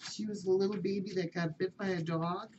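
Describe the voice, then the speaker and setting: Woman, storyteller, chatty read-aloud, dark mellow voice, dull lo-fi recording. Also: mid-range voice, steady tone, a little fast. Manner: chatty, addressing listeners directly. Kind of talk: reading an animal story aloud. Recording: dull lo-fi with faint hiss.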